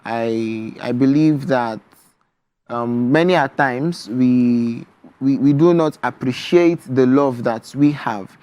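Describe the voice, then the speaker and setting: Man, young adult, Nigerian English accent, author guest on breakfast TV, measured reflective speech, mid-pitched voice. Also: warm tone. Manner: measured, reflective, with frequent ums. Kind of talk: TV interview, reading his poetry.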